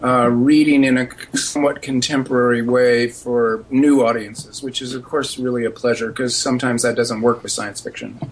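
A middle-aged man, an author being interviewed on radio, answering in a measured, thoughtful way. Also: mid-range voice, steady tone, a little hiss or hum, low-quality recording. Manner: measured, thoughtful, with some fillers. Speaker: author guest.

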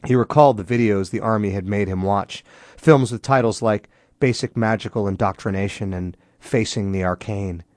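A man's voice: lowish voice, darkish tone, no room sound, studio quality. A man, the author, giving a dramatic reading of his own novel and voicing the characters' dialogue with rising intensity.

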